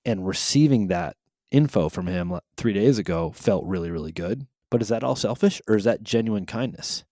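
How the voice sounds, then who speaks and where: Man, podcast co-host, teacher, low voice, animated storytelling, dry close sound. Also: moderate pace, dry recording. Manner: animated storyteller, musing aloud. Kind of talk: casual podcast chat.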